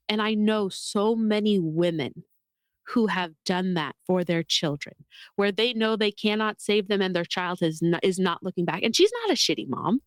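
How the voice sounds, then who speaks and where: A woman co-hosting a podcast, talking about a film in an animated, emotional, gushing way. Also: medium pitch, normal speed, no echo, clean studio sound. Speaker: podcast co-host. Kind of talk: casual film discussion.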